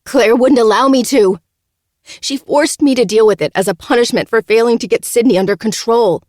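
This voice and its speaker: A woman's voice: low voice, normal speed, a little mellow, dry recording, studio quality, lightly acted. A woman voicing a venomous, cornered young woman who seethes, screeches and pleads. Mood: seething.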